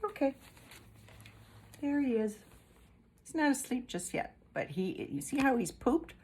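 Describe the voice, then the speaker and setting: A woman reading a children's picture book aloud, slow and unhurried, with a soft breathy voice. She swoops up and down in pitch, playful and animated, speaking straight to her young listeners. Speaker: storyteller.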